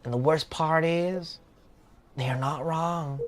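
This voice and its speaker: A man's voice: a little high, fairly even intonation, takes it slowly, slight background noise, voice pushed up. A man voicing a weary male singer with creative block, using a put-on British accent and a glum, self-critical manner. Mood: gloomy. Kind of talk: game character voice-over.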